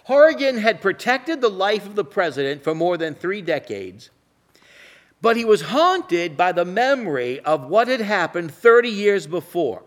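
A man preaching with an unusually high voice that swoops up and down. He talks slowly and dramatically, sinking to a near hush to stress a point. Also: big pitch swings. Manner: slow, dramatic delivery, drops to a hush for emphasis. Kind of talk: sermon with illustrative stories.

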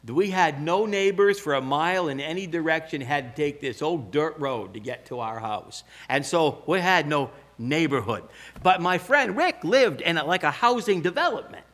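An older man preaching a sermon, telling stories with emphatic, animated delivery. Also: a little high, normal speed. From Pacific Northwest US. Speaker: pastor.

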